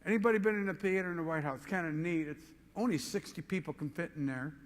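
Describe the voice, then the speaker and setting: Excitable man giving a motivational speech. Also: fairly high pitch, fast talker, long reverb tail. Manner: excitable, storytelling, rising to shouts. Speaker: motivational speaker.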